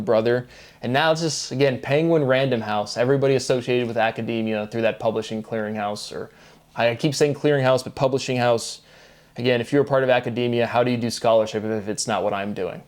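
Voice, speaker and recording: A man's voice: mid-range voice, a little mellow. Man muttering through wordplay notes. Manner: reads word pairs aloud, muttering asides. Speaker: self-published theorist reading notes. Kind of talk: rambling monologue.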